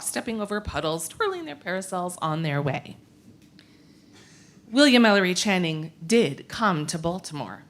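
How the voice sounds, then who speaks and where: A woman minister telling a story in a worship service, playful and expressive, with asides to the congregation. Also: medium pitch.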